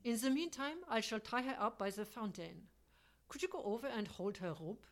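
A woman reading an audiobook, voicing a refined, unflappable middle-aged gentleman who speaks politely and calmly. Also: fairly high pitch, moderate pace, voice pushed up. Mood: composed. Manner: polite, composed and courteous.

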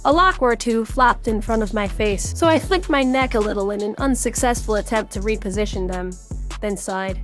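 A woman's voice: medium pitch, moderate pace. A woman narrating a first-person story with a wry, sardonic tone, faint music underneath.

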